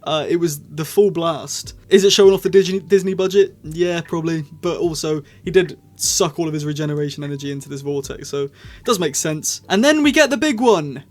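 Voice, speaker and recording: A man with a fairly high voice talks through his opinions in a loose, rambling way. He restarts sentences often and laughs now and then between points. It sounds like a casual spoken review. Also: fairly quick. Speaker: show reviewer.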